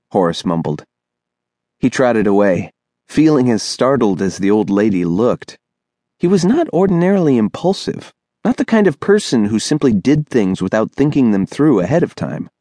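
A man narrating a children's audiobook in a measured storytelling manner. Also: lowish voice, a little mellow, no room sound, studio quality.

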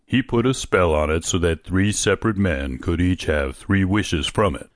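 A man's voice: deep voice, no echo, clean studio sound, lightly acted. A man voicing a grave, weary old soldier. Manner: slow, grave and dogged.

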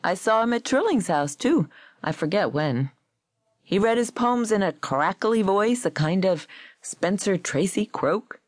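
A sarcastic New York poet who talks back quickly in a raised, defensive voice, put on by a woman reading the story. The recording is close and dry, with no room sound. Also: mid-range voice, lively intonation, no room sound, pitched above the performer's own voice.

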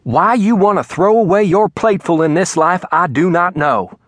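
A man voicing an angry mother confronting her husband, raised and sharp. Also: a little high, lively intonation, moderate pace, husky, no room sound, voice pushed up. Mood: furious. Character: angry Southern mother, wife scorned.

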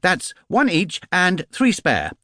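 A man voicing a polite, earnest young bear in a storybook reading, raised well above his own voice and spoken slowly and carefully. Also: high voice, wildly swooping pitch, bright, forceful tone, dry recording, clean studio sound, pitched above the performer's own voice, full character voice.

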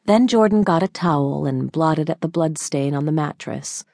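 Brief: female audiobook narrator, measured scripted read, lower voice, dry close studio sound. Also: gravelly, warm tone, no room sound.

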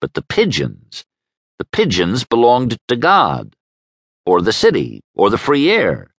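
A man narrating an audiobook with wry, expressive storytelling. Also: medium pitch, measured pace, no echo. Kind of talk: scripted narration. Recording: dry studio sound.

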